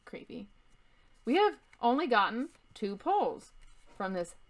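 A woman's voice: on the high side, big pitch swings, unhurried. Giggly, teasing woman co-host. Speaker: co-host, the host's wife. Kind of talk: casual chat.

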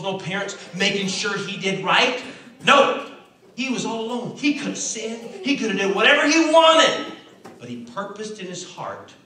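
A man tells a Bible story to a room of children, animated and folksy, with a high, bright, sharp voice that rises and falls. He sounds distant, his voice bouncing around an echoey church hall. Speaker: children's Bible school preacher.

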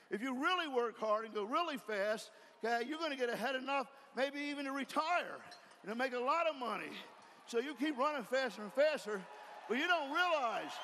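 A man giving a folksy, emphatic motivational speech from a stage, firing off rhetorical questions and sometimes shouting. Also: very high voice. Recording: reverberant hall, faint background noise.

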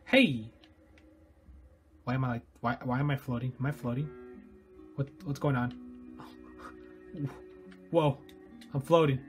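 A man giving excitable let's play commentary, swearing often and cheering over the game. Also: mid-range voice, unhurried, pauses often, soft background music. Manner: excitable, swears a lot, shouts and laughs. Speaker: gamer.

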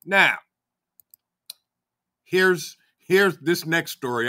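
Male livestream host, brassy slightly high voice, heated and chatty. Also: big pitch swings, drawn-out words, pauses often, pushed and bright. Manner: fired-up, greets chat viewers by name. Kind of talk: casual live-chat commentary.

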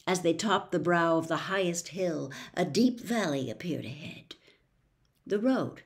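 A woman reading a children's novel aloud as narrator, expressive and unhurried. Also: fairly low pitch. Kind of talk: storybook read-aloud.

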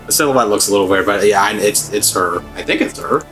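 A man's voice: on the low side, animated, fast, a bit bright, rough recording. A man giving casual let's-play commentary, laughing and swearing as he rambles. His voice moves animatedly. Faint music runs under him.

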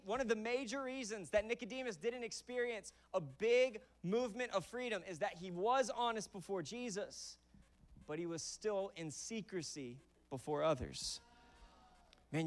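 Animated high-voiced young pastor preaching. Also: male voice, moderate pace. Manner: animated and conversational, acting out dialogue. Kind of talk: sermon. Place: church auditorium.

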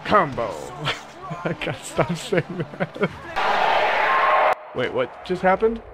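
A man's voice: high voice, expressive, slow pace, heavy background noise. A young man giving casual, joking commentary as he plays a video game, chatty and self-mocking. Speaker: gaming channel host. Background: game music.

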